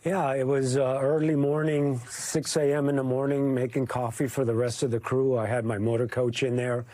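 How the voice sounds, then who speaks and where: A middle-aged man, a news photojournalist, recalling a hard assignment in a reflective, halting way during an interview. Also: mid-range voice, flat delivery, warm tone, no room sound. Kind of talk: emotional interview recollection.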